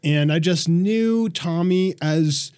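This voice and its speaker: A man's voice: fairly high pitch, slow pace, a little mellow, clean tone. A young man co-hosting a podcast, talking casually and hesitantly with fillers. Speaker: podcast co-host.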